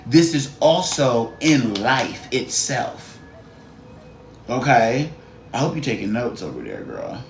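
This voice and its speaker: A man's voice: mid-range voice, big pitch swings, takes it slowly, gravelly, a little hiss or hum. A man giving a live-stream card reading, blunt, profane and sassy, talking straight to the viewer and greeting chatters. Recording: roomy echo.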